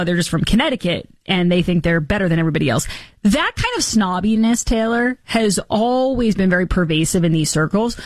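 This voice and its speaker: A woman's voice: medium pitch, dry recording. Sarcastic woman commentator. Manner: sarcastic, mocking impressions. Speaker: political commentary host. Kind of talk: opinionated political commentary.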